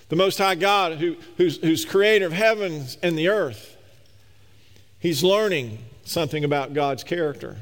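A man's voice: on the high side, a bit bright, big-room sound. A man preaching a sermon, emphatic and speaking straight to his listeners. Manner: emphatic, addresses the congregation directly.

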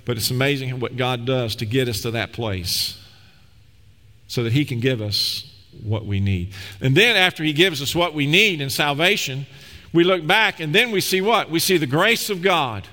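A man preaching a sermon as pastor, telling stories with lively swings between loud, rising passages and hushed, low ones. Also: normal speed. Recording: long echo of a large hall.

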